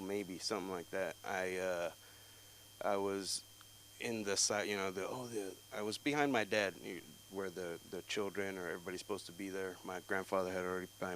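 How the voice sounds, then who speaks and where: Loud profane young man telling stories on stage. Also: fairly low pitch, a little hiss or hum, low-quality recording. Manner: profane, rambling storytelling with loud outbursts. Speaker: stand-up comic. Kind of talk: stand-up set at an open mic.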